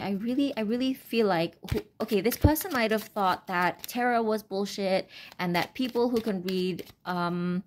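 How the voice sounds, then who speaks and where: Halting, rambling woman reading tarot. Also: medium pitch. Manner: rambling, halting, many fillers and restarts. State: brain fog, stuttering. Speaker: tarot reader. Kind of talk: casual unscripted tarot reading.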